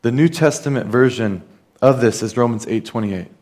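A man's voice: medium pitch, moderate pace, a little mellow. A man preaching a sermon in an earnest, conversational manner, with casual asides. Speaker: pastor.

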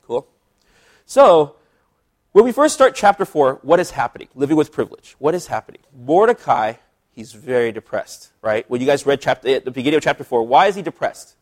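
A man who is a pastor, leading a casual Bible study in a relaxed, chatty way with lots of asides. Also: mid-range voice, fairly quick.

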